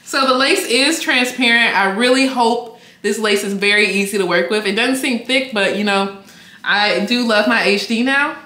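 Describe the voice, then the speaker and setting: A young woman, chatting excitedly in a casual unboxing vlog and often breaking into laughter. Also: a little high, moderate pace. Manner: excitable, laughing, squealing bursts. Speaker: beauty vlogger. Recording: echoey room with faint noise.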